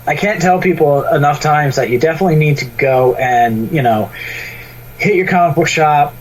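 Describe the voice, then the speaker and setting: A man's voice: on the high side, moderate pace, a crowd in the background, rough recording. A man co-hosting a comic book podcast, enthusiastically recommending a book with repeated hesitations. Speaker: podcast co-host. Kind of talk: casual podcast chat.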